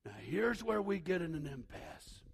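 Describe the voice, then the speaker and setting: Male pastor, raspy and gravelly, slightly high, emphatic sermon with shouts and hushes. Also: moderate pace.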